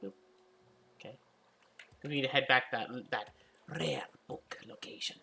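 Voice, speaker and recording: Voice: mid-range voice, unhurried, pushed and bright. A gamer giving casual, giggly gameplay commentary and reading in-game text aloud. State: hiccuping. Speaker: let's-play gamer.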